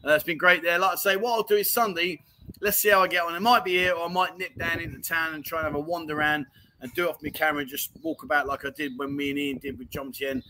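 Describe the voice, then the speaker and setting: A man's voice: fairly high pitch, fairly even intonation, quick pace, pushed and bright, a little hiss or hum, rough recording. A man hosting a casual livestream chat from home, reading viewer comments and calling everyone mate. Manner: chatty and matey, keeps calling people mate. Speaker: livestream chat show host. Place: home in Pattaya.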